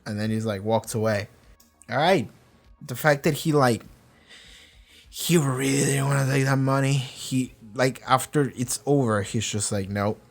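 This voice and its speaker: A young man whose first language is not English, casually reacting to and reviewing a TV episode, animated and swearing as he acts out the characters' lines. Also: medium pitch, unhurried, creaky, soft background music. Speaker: reaction video host.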